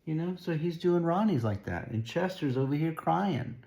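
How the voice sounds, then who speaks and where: A man's voice: on the high side, expressive, moderate pace, gravelly, a little mellow, slight background noise. A man reading a picture book aloud to a child, stopping casually to point at the pictures and explain. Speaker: storybook reader.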